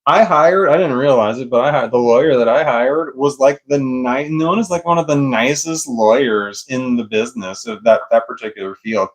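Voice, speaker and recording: A man's voice: medium pitch, moderate pace, hardly any pauses. A middle-aged man casually telling a long personal story, rambling, swearing freely and laughing often. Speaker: vlogger.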